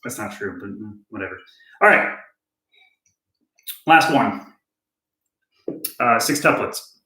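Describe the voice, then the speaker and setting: Slow and fairly low-voiced, this drum teacher runs a casual lesson, musing aloud and laughing off his own errors with easy self-deprecation. The setting is a room with a drum kit and click track, and the audio sounds roomy, with drums and clicks audible.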